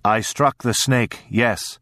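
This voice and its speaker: A grave, terse father, brief and dry in speech, stern but tender underneath, played by a male narrator. The voice sits at an ordinary middle pitch. Dry, close recording. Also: fairly even intonation, slow pace, a bit bright, no room sound.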